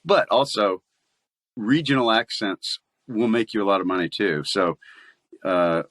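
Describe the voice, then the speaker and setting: Easygoing Southern man, low voice. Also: measured pace, a bit bright, no room sound. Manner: easygoing and chatty, laughs often. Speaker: voice actor guest. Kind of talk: casual interview chat.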